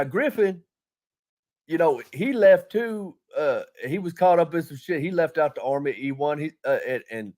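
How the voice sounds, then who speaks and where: A man telling a long army story in loose conversation. He rambles, swears constantly and leans on fillers. His voice sits somewhat high for a man. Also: darkish tone. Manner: rambling, profane, full of fillers. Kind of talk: casual storytelling chat.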